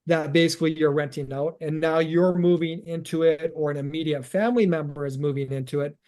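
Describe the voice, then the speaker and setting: A man's voice: a little high, fairly even intonation, fairly quick, a little mellow. A man co-hosting a real estate podcast, explaining rules step by step and recapping them. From Canada. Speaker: realtor podcast co-host. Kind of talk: casual podcast chat.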